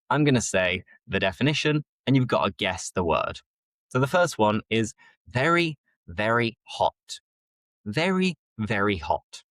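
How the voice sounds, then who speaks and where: Teaching English vocabulary on a podcast, this Yorkshire-accented man from northern England speaks with slow, careful enunciation, stretching key words for his learners. His voice is fairly low, and the recording is dry.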